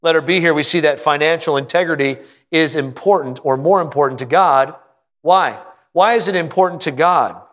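A man preaching a sermon with a voice a little higher than most men's. He talks in a folksy, joking way and keeps asking the congregation questions. He slows down to lean hard on the lines that matter. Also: a bit bright. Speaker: pastor.

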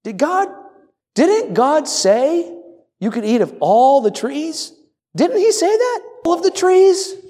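A sly male serpent tempter, as a preacher puts him on, pitched well above his usual voice, needling and insinuating. The words ring out with a long church reverb. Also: sing-song, takes it slowly, dark tone, heavily acted.

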